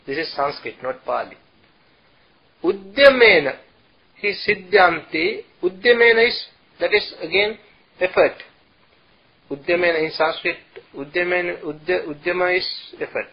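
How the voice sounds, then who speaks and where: A man giving a slow, halting dharma talk as a Buddhist teacher, chanting verses between his explanations. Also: high voice, slightly rough. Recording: dull lo-fi recording.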